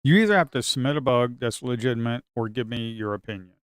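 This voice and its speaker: A man's voice: mid-range voice, expressive, fast, clean tone, no room sound, clean studio sound. A man streaming his live trading who talks bluntly, swears, and repeats himself as he gets exasperated. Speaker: day trader streaming live. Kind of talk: casual live commentary while trading.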